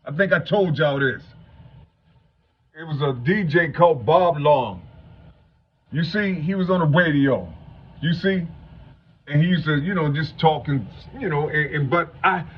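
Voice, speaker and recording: Speaking unhurriedly with lively intonation, frequent pauses, and a breathy edge, this Cincinnati, Ohio man in his fifties rambles and stutters through a vlog for his viewers. His salty street talk is loaded with curses and "you know what I'm saying." A faint hum runs under the dull, low-fi home recording.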